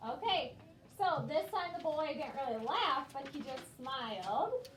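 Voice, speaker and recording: A woman's voice: sits high, big pitch swings, a little slow. A woman teacher leading a class read-aloud, patiently prompting children word by word in a classroom. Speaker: elementary school teacher. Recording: echoey room, distant mic, background noise.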